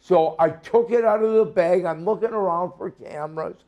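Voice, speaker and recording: A man's voice: high-pitched, moderate pace, lo-fi sound. An older man from Minnesota telling a heated, profane story in an interview as a former wrestler. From Minnesota, USA.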